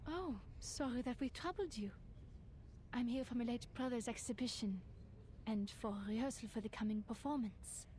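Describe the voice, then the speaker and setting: A woman reading lines as a polite young female singer in mourning, gentle and apologetic. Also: on the high side, moderate pace, a little hiss or hum, lightly acted.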